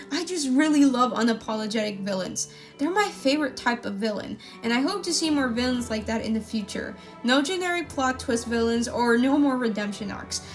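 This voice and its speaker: A woman casually reviewing an animated film, talking in an enthusiastic, gushing way. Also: on the high side.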